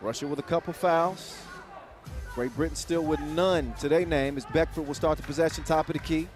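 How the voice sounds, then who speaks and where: A man giving quick, energetic, joking play-by-play commentary at a live basketball event. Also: fairly high pitch. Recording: broadcast mix with loud crowd and music.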